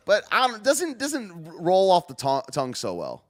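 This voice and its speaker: A man's voice: high voice, huge pitch swings, moderate pace, few pauses, faint music behind. A man hosting a podcast, talking in a sarcastic, rambling way and laughing at himself. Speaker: podcast host. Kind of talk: casual political podcast rant.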